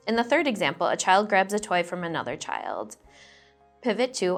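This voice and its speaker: A woman trainer giving scripted instructional narration in a measured way, clearly reading out example phrases. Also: mid-range voice, big pitch swings, soft background music.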